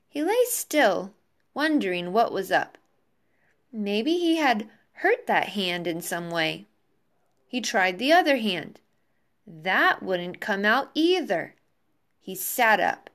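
A woman teacher reading a children's book aloud to her class over a video call, slow and expressive. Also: a little high. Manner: slow, expressive, warm sign-off to pupils.

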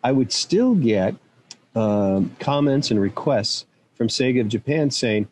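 A man's voice: mid-range voice, animated, unhurried, a little mellow, slight background noise. An older man, a guest in an interview, telling rambling anecdotes and laughing at himself as he goes. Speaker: interview guest, former executive. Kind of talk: casual interview storytelling. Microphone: own microphone, remote.

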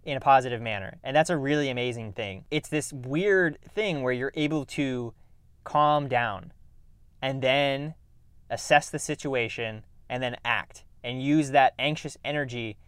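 A man's voice: medium pitch, normal speed, fairly bright tone, clear, resonant tone, no room sound. A man hosting a podcast, talking earnestly and reflectively about handling stress, with restarts and sighs. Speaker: podcast host. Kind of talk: casual self-help talk.

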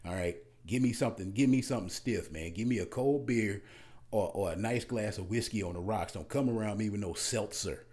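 A man's voice: on the low side, a little fast, a little mellow. A man talking straight to his audience in a casual, ranting monologue, blunt and emphatic, repeating words as he gets worked up.

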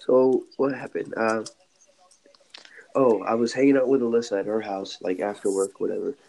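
Mellow-voiced young man telling a rambling story. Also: lowish voice, fairly even intonation, moderate pace, vocal fry, poor audio. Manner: rambling storytelling with many fillers. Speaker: podcast co-host. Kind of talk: casual podcast chat. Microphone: podcast mic.

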